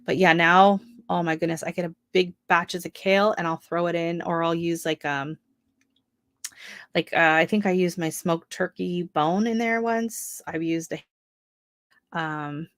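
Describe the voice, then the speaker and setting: A woman's voice: lowish voice, steady tone, a little slow, no echo, clean studio sound. A middle-aged woman hosting a home gardening live stream, chatting casually and rambling through asides. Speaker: gardening channel host.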